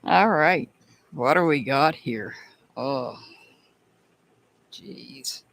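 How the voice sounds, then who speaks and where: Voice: medium pitch, expressive, extremely slow, vocal fry, a bit bright, dry recording. A tarot reader giving a casual live-stream reading, chatty and calling out viewers by name.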